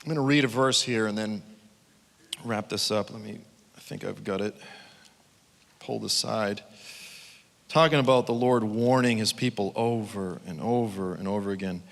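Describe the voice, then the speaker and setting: A man preaching a conference sermon, an animated storyteller who acts out quotes with sudden shouts. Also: lowish voice, normal speed, gravelly, long pauses, in a large hall.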